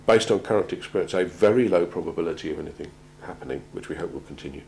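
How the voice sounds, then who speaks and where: A man gives a measured talk on crisis planning, often pausing and repeating words as he goes. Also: sits low, animated, gravelly, a little mellow, a little hiss or hum, poor audio. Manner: measured, halting, repeats words while finding them. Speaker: presenter on organisational crisis planning. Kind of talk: prepared talk to an audience.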